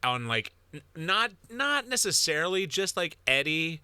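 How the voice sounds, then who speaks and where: A man chats on a comedy podcast in a bright, animated voice. He rambles, stops and restarts, and laughs often. The sound is dry and close. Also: a little high, a little slow, smooth, no echo. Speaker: podcast co-host. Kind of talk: casual comedic chat.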